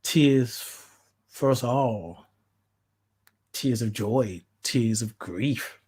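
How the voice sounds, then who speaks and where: A podcast host in casual spiritual talk, heartfelt and preachy, flaring into animated rants and blessing the listener. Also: mid-range voice, very slow, breathy edge.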